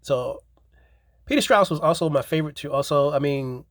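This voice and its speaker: A man with a slightly high voice rambles through a casual show-and-tell, circling back to the same points and padding his talk with fillers. The sound is dry and close, with no room echo. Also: lively intonation, moderate pace. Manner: rambling, repeats himself, many fillers and "too also". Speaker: collector showing his movie collection. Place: home theater room.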